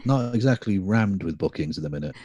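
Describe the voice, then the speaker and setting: A co-host, a man who swears freely and keeps the banter jokey. His mellow, darker voice swings lively up and down. The sound is dry and close, with no room around it. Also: low voice, a little fast, husky, no echo, dull audio. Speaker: podcast co-host. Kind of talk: casual chat. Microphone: video call.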